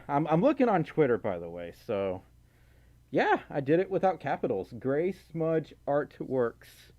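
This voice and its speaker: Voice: medium pitch, darkish tone, muffled recording. A livestreamer chatting casually and reading out donations, often out of breath, giggling and stumbling over words.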